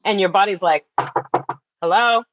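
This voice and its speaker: A woman wellness coach, a guest in a casual podcast conversation, talking in an animated way, swearing freely and acting out the voices in her head. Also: medium pitch, fairly quick, no room sound, lo-fi sound.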